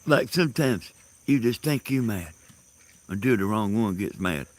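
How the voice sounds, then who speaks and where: A man telling rambling stories in a casual monologue, halting and laughing loudly at his own tales, recorded outdoors in the countryside. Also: lowish voice, lively intonation. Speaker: host. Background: crickets and insects.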